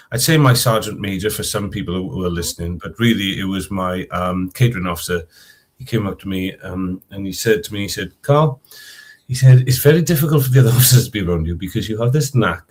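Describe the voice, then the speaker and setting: A man tells a story in an easygoing group chat, circling back and restarting as he goes. His voice sits fairly low. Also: a little mellow, breathy edge.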